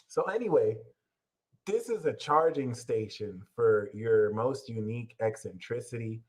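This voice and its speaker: A man's voice: medium pitch, expressive, unhurried, poor audio. A man hosting his own astrology channel, talking in a rambling, profane and jokey way and circling back to the same catchphrases. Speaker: astrology reader and channel host. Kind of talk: casual astrology commentary.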